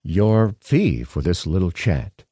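A man's voice: sits low, sing-song, takes it slowly, warm tone, slightly rough, no echo, clean studio sound, exaggerated voice. A male narrator voicing a wealthy older professor, speaking in a formal, clipped and blunt way.

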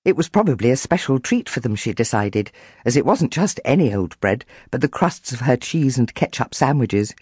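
Lively woman reading a children's story. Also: very deep voice, moderate pace, breathy edge, no room sound, clean studio sound. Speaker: audiobook narrator. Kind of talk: expressive children's audiobook narration.

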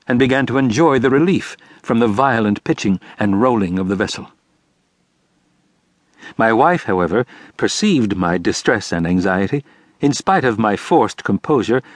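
The clip features a man narrating a scripted audiobook with measured, expressive storytelling. His voice falls in the mid-range, and the clean studio sound carries no echo.

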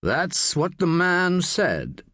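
A man's voice: medium pitch, sing-song, moderate pace, a bit bright, dry recording, studio quality. Man voicing a wounded, gasping American. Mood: muttering. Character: wounded American man, Blake, fading fast.

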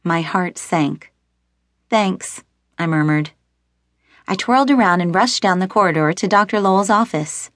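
A woman's voice: mid-range voice, a little fast, hardly any pauses, a bit bright, no room sound, studio quality. A woman narrating a first-person romance audiobook, lightly shifting her voice for characters. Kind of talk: scripted narration.

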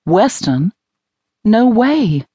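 A woman voicing a flustered young woman in an audiobook romance, speaking in a hushed, guarded way. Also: medium pitch, sing-song, very slow, breathy edge, no echo, clean studio sound, pitched above the performer's own voice, heavily acted. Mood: startled.

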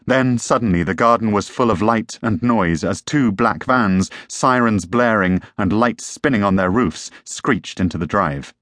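A man's voice: fairly low pitch, a little slow, hardly any pauses, fairly bright tone, dry recording, clean studio sound. A man narrating a tense story as an audiobook reader. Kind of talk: scripted narration.

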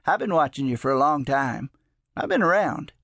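A man's voice: on the high side, expressive, normal speed, vocal fry, fairly bright tone, husky, no room sound, clean studio sound, exaggerated voice. A man doing Jones, a folksy old drifter. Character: folksy old male drifter, gentle and teasing.

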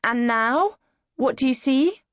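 A woman voicing a young female patient who cries out in pain with shrill, pained outbursts. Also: lively intonation, slow, no echo.

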